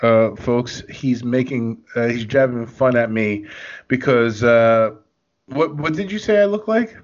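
A man's voice: medium pitch, unhurried, muffled recording. A man co-hosting a comedy podcast, laughing often and swearing casually in loose banter. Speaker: podcast co-host.

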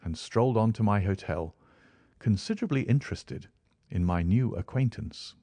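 A man's voice: lowish voice, lively intonation, moderate pace, dark tone, no echo. A man reading a classic story aloud as narrator. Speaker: audiobook narrator. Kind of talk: scripted narration.

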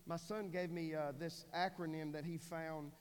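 A man's voice: fairly high pitch, little pitch movement, normal speed, clean tone, long reverb tail. A pastor in his forties preaching a sermon in a church, talking in an earnest, folksy way with many restarts. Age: 40s. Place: church sanctuary.

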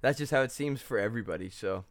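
A man's voice: mid-range voice, fast, dry recording. Drawling young man. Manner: drawling, fillers and swearing. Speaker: podcast co-host. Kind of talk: casual chat.

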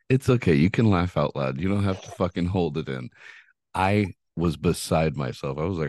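Deep-voiced profane male podcast host. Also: animated, moderate pace, darkish tone, dry recording, studio quality. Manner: profane, laughing storyteller. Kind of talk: casual crude podcast chat.

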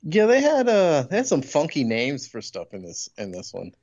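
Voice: medium pitch, wildly swooping pitch, normal speed, darkish tone, lo-fi sound. A podcast co-host chatting casually about a cartoon, laid-back and swearing freely.

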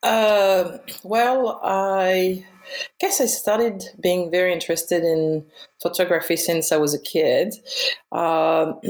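A woman's voice: on the low side, a little mellow. Reflective woman with French accent. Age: middle-aged. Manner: reflective, searches for words. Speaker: guest photographer. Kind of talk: interview conversation.

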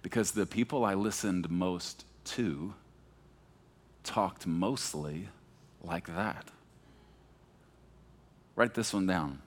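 A pastor from Texas preaching a sermon, moving between hushed, slow emphasis and animated, emphatic passages. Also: male voice, low voice. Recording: long hall reverb.

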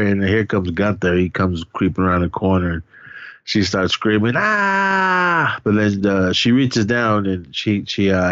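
A man's voice: fairly low pitch, no echo, dull audio. A man casually recapping a film on a podcast, rambling along and acting out the characters' cries and curses. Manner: rambling, animated retelling with voiced reactions and cursing. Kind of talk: casual chat.

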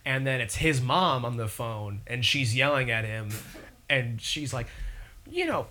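A man's voice: medium pitch, a little slow. A young man casually telling a long story, rambling and profane, acting out the people in it. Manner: rambling, profane, animated retelling. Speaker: podcast guest.

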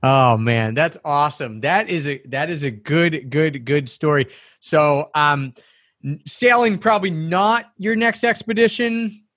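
A man's voice: a little high, measured pace, fairly bright tone, dry recording. Upbeat male podcast host, dry sound. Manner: enthusiastic, friendly, says "man" often. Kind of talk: casual interview chat.

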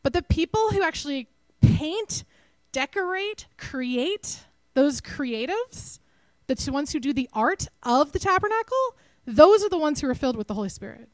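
A woman with a Texan accent giving a conversational, animated sermon to her church. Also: high-pitched, moderate pace, no room sound, poor audio. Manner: conversational, animated, self-deprecating. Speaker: preacher.

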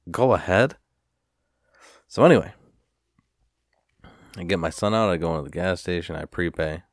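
Deep-voiced man ranting profanely. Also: moderate pace, pauses often, no room sound, studio quality. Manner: profane, storytelling, animated retelling. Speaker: podcast host. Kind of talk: casual rambling rant.

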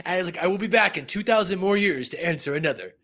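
A man's voice: sits high, quick pace. A man casually recapping a cartoon episode, laughing and acting out lines from it. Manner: animated, laughing, acts out character lines. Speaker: podcast host.

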